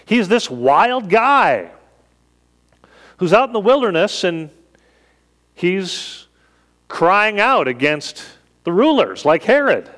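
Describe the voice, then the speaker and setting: High-voiced, lively preaching man. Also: takes it slowly, pauses often. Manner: conversational preaching with rhetorical questions. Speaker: pastor. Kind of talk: sermon.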